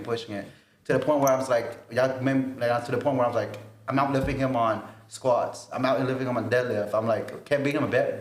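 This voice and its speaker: A man in his twenties telling a story on a casual podcast, animated and laughing often. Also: mid-range voice, roomy sound. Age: 20s. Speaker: podcast co-host.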